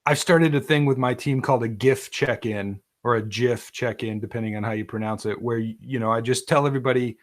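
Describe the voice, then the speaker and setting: A man's voice: medium pitch, fairly even intonation, fast, few pauses. Chatty male interviewer on a video call. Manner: conversational, uses "like" and "um" often. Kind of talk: casual remote interview.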